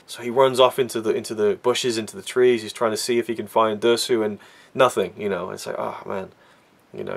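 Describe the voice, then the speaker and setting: A man's voice: fairly low pitch, creaky. A man talking earnestly and with feeling as he reviews a film, with frequent restarts and fillers. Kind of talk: casual film review monologue.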